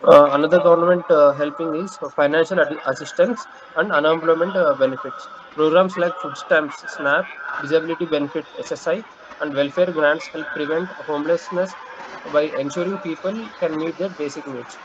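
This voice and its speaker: A man's voice: fairly high pitch, steady tone, brisk. A young man giving a class presentation, reading from notes with fillers and restarts. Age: young adult. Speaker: student presenter. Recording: dull lo-fi recording with loud noise.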